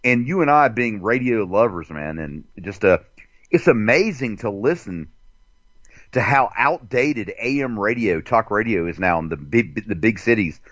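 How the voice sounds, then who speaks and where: A man's voice: on the low side, lively intonation, normal speed, a bit bright, no room sound, lo-fi sound. A man from the metro Atlanta area co-hosting a podcast, rambling in crude casual banter with many fillers. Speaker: podcast co-host.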